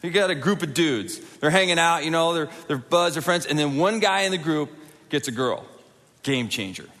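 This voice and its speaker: A middle-aged man preaching a sermon in a large church auditorium, conversational and animated, often acting out quotes and asking the crowd for hands. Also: on the high side, normal speed, in a large hall. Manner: animated, conversational, with acted-out quotes and audience prompts. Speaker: pastor.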